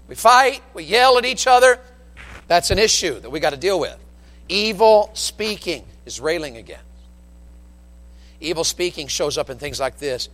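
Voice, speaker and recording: A man preaching a sermon from the pulpit, telling folksy stories in an animated, down-home way. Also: fairly high pitch, normal speed, long reverb tail. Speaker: pastor. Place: church sanctuary with long reverb. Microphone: pulpit microphone.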